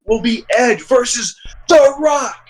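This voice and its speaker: A man giving casual gameplay commentary with excitable, profane trash talk. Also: extremely high pitch, slow pace.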